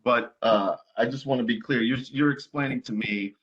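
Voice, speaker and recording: Lawyer type, male, measured and hedging, slightly muffled lo-fi recording. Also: medium pitch, a bit bright, a little hiss or hum. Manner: careful, hedging, restates and rephrases. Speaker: attorney cross-examining a witness. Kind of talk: legal questioning.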